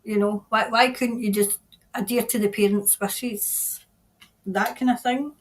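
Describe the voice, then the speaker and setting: A middle-aged woman giving a spontaneous tarot reading, earnest and halting, often repeating her phrases. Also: a little high, steady tone, rough recording. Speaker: tarot reader.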